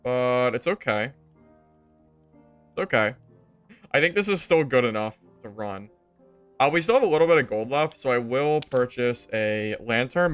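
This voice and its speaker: A young man casually commenting on his gameplay to stream viewers, joking and exasperated, jumping to loud high outbursts. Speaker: game streamer.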